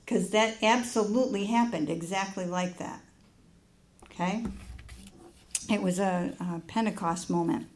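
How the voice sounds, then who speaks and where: A woman preaching in a church, telling a personal story with lively acted-out dialogue. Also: mid-range voice, a little slow, long pauses. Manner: animated storytelling, acts out dialogue.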